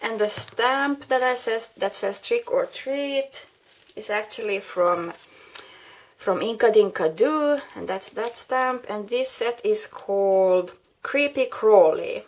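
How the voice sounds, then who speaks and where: A woman casually demonstrating how she made a handmade card, often restarting sentences and searching for words. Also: a little high. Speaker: craft tutorial host.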